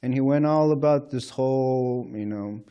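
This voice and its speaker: A man's voice: medium pitch, normal speed, clear, resonant tone, lo-fi sound. A man giving an informal scripture class at a temple, talking conversationally with frequent "you know" and chuckles. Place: temple lecture hall.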